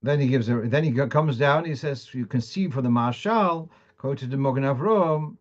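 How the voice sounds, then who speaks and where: A man's voice: mid-range voice, normal speed. A man, a rabbi, giving a Torah law lecture, reading Hebrew and Aramaic sources aloud and explaining them in English with frequent restarts. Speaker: rabbi teaching a weekly Torah class. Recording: dull lo-fi sound.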